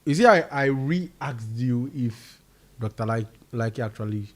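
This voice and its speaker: A man's voice: mid-range voice, animated, measured pace. A man with a Ghanaian accent, an emphatic panelist in a discussion. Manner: emphatic, mixing English and Twi.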